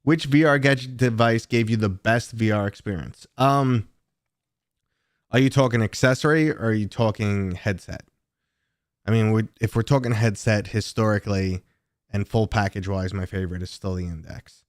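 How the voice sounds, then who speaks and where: A man with a New York accent, hosting a casual livestream and chatting with viewers in a talkative, relaxed way. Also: on the low side, moderate pace, no room sound, clean studio sound. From New York City. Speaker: livestream host.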